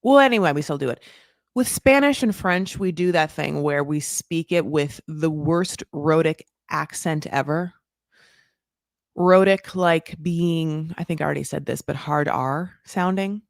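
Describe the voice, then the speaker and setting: A woman in her thirties hosting a casual recap, chatty and swearing, with lots of "like" and sudden jumps in pitch for emphasis. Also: measured pace, gravelly, no room sound, clean studio sound. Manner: lively, jumps high for emphasis. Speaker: recap podcast host. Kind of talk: casual chat.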